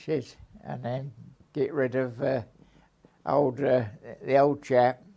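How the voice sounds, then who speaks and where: A man's voice: medium pitch, level tone, creaky, mellow. An older man, recounting his past in an oral history interview and acting out old conversations. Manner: unhurried, repeats himself, acts out old conversations.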